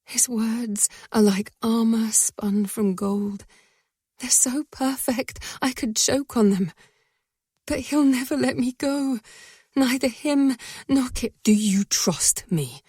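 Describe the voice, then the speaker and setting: A woman narrating a first-person romance audiobook in a soft, breathy voice that often sinks to a whisper. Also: fairly high pitch, steady tone, slow pace, dry recording, studio quality.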